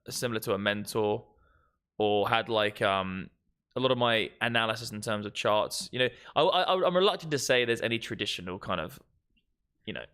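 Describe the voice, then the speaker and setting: Guy hosting a trading stream, lowish voice, keeps restarting with lots of um and you know. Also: a bit bright, smooth. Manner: hesitant, many fillers and restarts. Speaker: crypto trading livestream host. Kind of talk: casual livestream talk.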